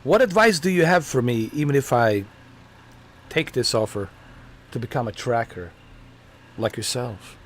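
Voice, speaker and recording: A man's voice: mid-range voice, unhurried, slight background noise. A man live-streaming a game, casually and playfully talking back to the characters. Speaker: gaming streamer.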